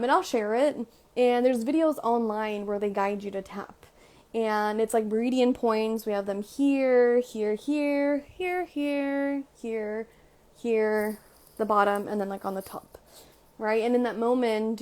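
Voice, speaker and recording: A woman's voice: a little high, darkish tone. A young adult woman talking casually to camera about emotions, full of "like" and "right?". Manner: chatty, fills with "like" and "right?". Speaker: vlogger. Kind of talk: casual self-help talk.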